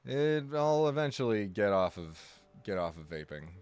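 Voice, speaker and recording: A man's voice: fairly low pitch, sing-song, normal speed, darkish tone, clear, resonant tone, soft background music. A man chatting casually on a live game stream, rambling and correcting himself as he goes, joking and poking fun at himself. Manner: rambling and self-correcting, with frequent restarts; jokey, self-deprecating and exaggerating.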